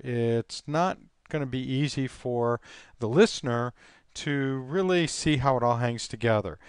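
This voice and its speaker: A man teaching software on a screen recording, relaxed and thinking aloud with frequent ums and uhs. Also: medium pitch, clear, resonant tone, no room sound, studio quality.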